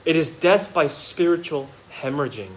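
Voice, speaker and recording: A man preaching a sermon from the pulpit of a church, his voice pitched a little high and his intonation rising and falling in wide swings. He speaks straight to the congregation with rhetorical questions. He moves between quiet, reflective moments and impassioned, emphatic bursts. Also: expressive, normal speed, slight background noise, rough recording. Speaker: pastor. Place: church sanctuary.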